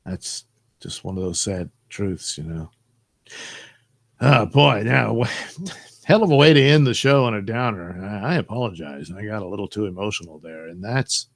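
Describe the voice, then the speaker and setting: A man's voice: lowish voice, big pitch swings, moderate pace, gravelly, a bit bright, no room sound, clean studio sound. Rambling, jokey man on a live stream. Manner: rambling, jokey, reads chat aloud. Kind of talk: casual live stream chat.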